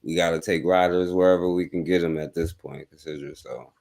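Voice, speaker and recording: A laid-back man hosting a casual talk radio show, with a very deep, low-pitched voice. He agrees easily with his guest and calls out greetings to the live chat. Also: steady tone, a little fast, creaky, darkish tone. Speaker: host.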